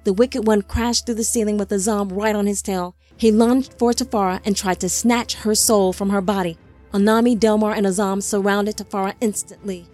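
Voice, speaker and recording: A woman narrating an audiobook in a measured, somber storytelling manner on a close mic. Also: mid-range voice, steady tone, darkish tone, soft background music.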